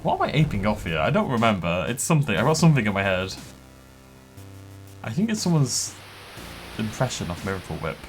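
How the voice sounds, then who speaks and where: A man's voice: on the low side, sing-song, fairly quick, long pauses, faint music behind. Upbeat man doing game commentary. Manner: upbeat, joking, chuckles often. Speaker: gaming channel host. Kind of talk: let's play commentary.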